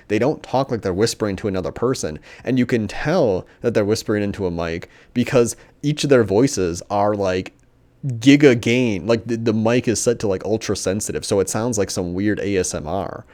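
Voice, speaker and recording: A man's voice: lowish voice, normal speed, darkish tone. A young man reviewing a movie in a casual, profane rant, rambling with lots of fillers and sarcasm.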